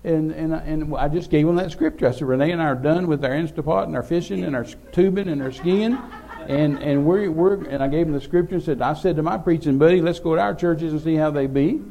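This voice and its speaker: An older man tells a long, rambling story from the pulpit, chuckling as he goes. His voice sits a little high for a man, with a gravelly edge and a dark, mellow tone. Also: quick pace, few pauses. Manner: folksy, rambling, laughing storyteller. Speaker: preacher. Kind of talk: sermon storytelling.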